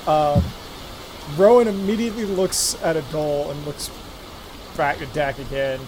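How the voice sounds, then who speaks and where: A man running a tabletop game as game master, narrating and voicing characters in quick turns. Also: fairly high pitch, noisy background. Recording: music playing behind.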